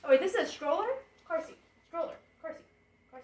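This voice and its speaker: Her voice is very high and a little fast as this young vlogger casually chats and rambles, musing out loud while she unpacks baby things in her apartment bedroom. A portable AC hums in the background, and the sound is roomy since the camera is somewhat distant.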